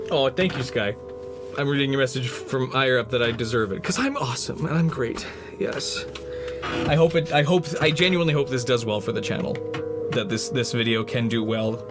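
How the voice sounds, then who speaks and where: Here a streamer and prop maker paints live, answering his chat and joking casually. His voice is medium in pitch and fairly quick, set over background music.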